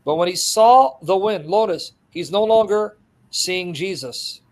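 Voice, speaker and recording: A man preaching an expository sermon, animated and laughing as he acts out the scenes. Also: sits high, measured pace.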